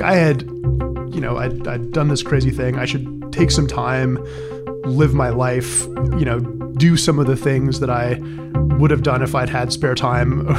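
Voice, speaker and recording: Chatty self-deprecating man. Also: medium pitch. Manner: chatty, self-deprecating, with many fillers like "like" and "you know". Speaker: interview guest, tech co-founder. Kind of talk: casual storytelling.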